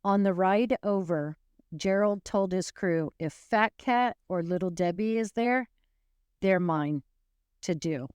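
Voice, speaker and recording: A woman's voice: mid-range voice, takes it slowly, darkish tone, smooth, no room sound, studio quality. A woman hosting a true crime podcast, retelling a case in casual, rambling storytelling with wry asides and frequent restarts.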